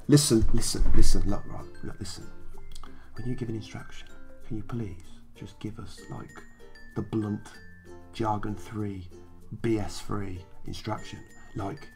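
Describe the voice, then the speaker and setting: A man's voice: fairly low pitch, pushed and bright. A man talking straight to camera in a casual vlog, emphatic and repeating phrases to drive his point home. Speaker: YouTuber.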